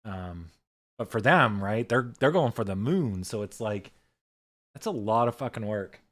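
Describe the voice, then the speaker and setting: A man hosting a casual livestream, talking in a relaxed, loose way and swearing freely into a desk microphone. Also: on the low side, a little slow, dry recording. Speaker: livestream host.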